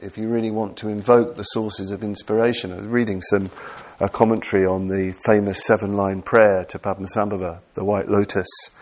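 A man giving an earnest, self-deprecating Buddhist dharma talk, full of restarts and repetitions. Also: lowish voice. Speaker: Buddhist teacher.

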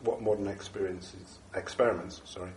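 A man with a congested, bunged-up voice from a cold, giving a Buddhist dharma talk to a group in a halting way with many fillers and restarts. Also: low-pitched, steady tone, a little mellow, a little hiss or hum. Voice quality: bunged up, nasal. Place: echoey room with a small audience. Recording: echoey room recording.

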